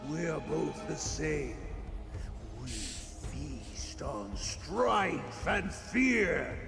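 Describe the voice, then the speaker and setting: A menacing old tyrant king in a game cutscene, speaking in a deeply gravelly, crackling voice. He drags out every word very slowly, his pitch rising high and swinging wide as he taunts. A long reverb hangs over him, with music underneath. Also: very animated, heavily acted.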